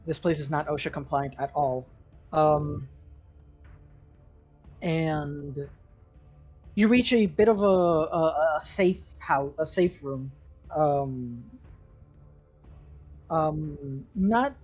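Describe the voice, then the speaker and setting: A man game master narrating a tabletop scene, meandering through fillers and restarts. He talks slowly in a slightly husky voice, over soft background music. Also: on the high side. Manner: rambling, lots of likes and restarts.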